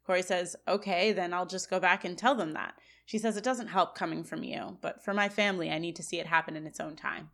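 A woman co-hosting a podcast, recapping a TV episode scene by scene and reading quoted lines in a flat voice. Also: lowish voice, brisk, hardly any pauses. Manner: recounts scenes, quoting lines in a flat read. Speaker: podcast co-host. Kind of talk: casual recap chat.

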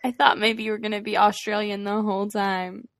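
A woman's voice: mid-range voice, level tone, a little fast, no echo, clean studio sound. A young woman co-hosting a podcast in casual, giggly chat. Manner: giggly, loose and chatty. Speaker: podcast co-host.

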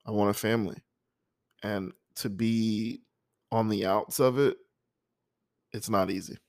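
A man, a father, reading his own poems and talking through painful holiday memories in a halting, heartfelt way with sighs and restarts. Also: fairly low pitch, fairly even intonation, darkish tone, no echo, clean studio sound. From United States. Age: adult, a father. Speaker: poet sharing his poems. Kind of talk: emotional spoken-word reading and personal reflection.

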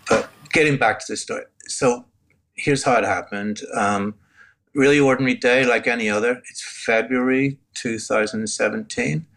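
An older man with a Northern Irish accent tells his story as an interview guest. His voice sits at a middling pitch, and he talks earnestly and reflectively, often circling back and restarting his sentences. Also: fairly even intonation, normal speed, creaky, fairly bright tone. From Northern Ireland. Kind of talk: personal testimony in conversation.

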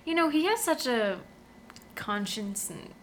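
A woman's voice: fairly high pitch, animated, measured pace, a little hiss or hum. A woman co-hosting a casual podcast who jokes and laughs a lot while chatting about a book series. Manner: bright, joking, laughs often. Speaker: podcast co-host. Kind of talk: casual chat.

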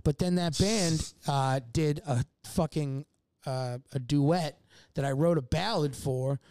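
A man's voice: fairly high pitch, takes it slowly, a little mellow, dry recording, studio quality. A man telling a long, rambling story as a podcast guest, swearing often and laughing mid-sentence. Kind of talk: casual storytelling chat.

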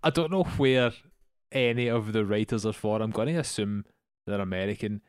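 A young Scottish man co-hosting a podcast, giving measured, critical opinions about a film in casual chat. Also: lowish voice, smooth, no echo, clean studio sound. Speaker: podcast co-host.

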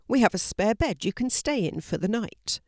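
A woman voicing a protective father who speaks in a deep, authoritative way. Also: expressive, moderate pace, no echo, clean studio sound, lightly acted. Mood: softened.

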